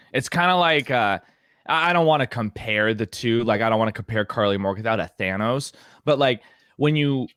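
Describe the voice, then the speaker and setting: A man's voice: medium pitch, a bit bright, no echo. A man talks in a casual, rambling way, his voice sitting in a middle register and recorded dry and close. He swears freely and gets worked up as he goes, like a podcaster venting to his co-host. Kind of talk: casual chat.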